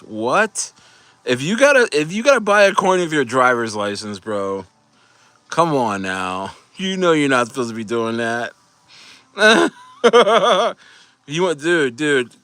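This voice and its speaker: A man hosting a casual crypto livestream, rambling excitedly to his chat and laughing often. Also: mid-range voice, smooth, no room sound.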